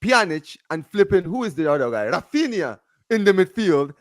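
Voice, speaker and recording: A man's voice: high voice, sing-song, moderate pace, no room sound, clean studio sound. A man arguing about football on a casual live stream, emphatic and insistent, often repeating himself. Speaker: football fan panelist.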